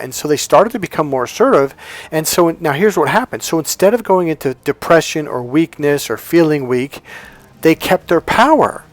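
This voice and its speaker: A man's voice: on the high side, expressive, normal speed, no echo. A man giving blunt dating advice, swearing freely and telling stories in which he acts out what other people said. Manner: profane, blunt, storytelling with acted quotes. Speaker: dating coach. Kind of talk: unscripted coaching talk.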